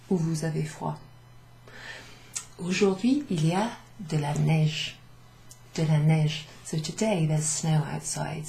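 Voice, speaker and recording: Woman language teacher, low and unhurried, echoey room with faint hiss. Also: gravelly, dark tone. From Wales. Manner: slow, patient explaining, switching between English and French. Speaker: French teacher. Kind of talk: relaxed classroom recap lesson.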